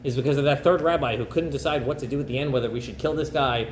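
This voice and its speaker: A man, a rabbi, teaching a class and telling a story in a lively way, jumping into the characters' voices. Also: mid-range voice, echoey room, a little hiss or hum, low-quality recording. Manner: animated, acts out characters in quick bursts. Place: campus center classroom.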